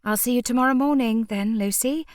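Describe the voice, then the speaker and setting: A woman plays a proud young woman with a lifted, higher voice and clipped replies. She sounds brisk and a bit cool in an audiobook scene. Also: dry recording, studio quality, natural voice. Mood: bashful.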